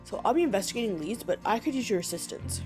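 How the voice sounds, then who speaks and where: A woman's voice: on the high side, expressive, fast, darkish tone, soft background music, lightly acted. A woman voicing a pompous, bossy lobster detective in a game. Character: pompous male lobster detective, self-important.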